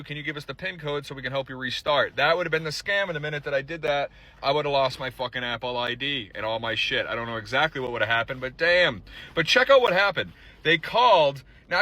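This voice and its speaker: A man telling a story in a casual vlog, animated and profane, acting out both sides of a phone call. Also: medium pitch. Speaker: social media storyteller.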